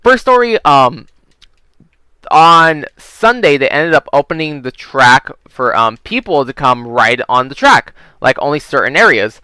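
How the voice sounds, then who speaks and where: A man's voice: fairly high pitch, very animated, measured pace, pushed and bright, clean tone, no echo, poor audio. A man telling work stories while playing a video game, rambling and swearing freely, with lots of "like" and "um". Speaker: gaming vlogger.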